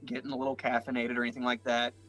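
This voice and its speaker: A man's voice: mid-range voice, completely flat delivery, rapid-fire, fairly bright tone, soft background music. A man player in a tabletop game, easygoing and joking as he plays his character. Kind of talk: tabletop game chat and role-play.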